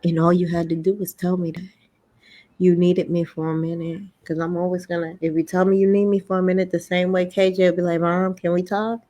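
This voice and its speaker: A middle-aged woman in casual conversation, telling family stories in an animated way and acting out the voices of others. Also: fairly low pitch, a little fast. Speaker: podcast host.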